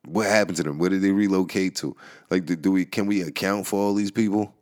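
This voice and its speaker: Deep-voiced man ranting with laughs. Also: fairly even intonation, fairly quick. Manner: laughs often, swears, rambling. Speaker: podcast host. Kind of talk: casual rant. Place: New York.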